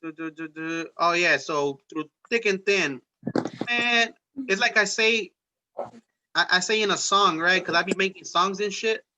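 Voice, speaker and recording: High, bright-voiced profane young man. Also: measured pace, a little hiss or hum, low-quality recording. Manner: profane, animated storytelling. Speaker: host. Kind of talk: casual chat.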